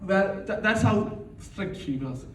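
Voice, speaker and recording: Young man, high voice, self-mocking comic at an office party; echoey room, mic at a distance. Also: lively intonation, takes it slowly, a little hiss or hum. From India. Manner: chatty, self-mocking, laughs at his own jokes. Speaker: stand-up comedian at a work party. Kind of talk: stand-up comedy set.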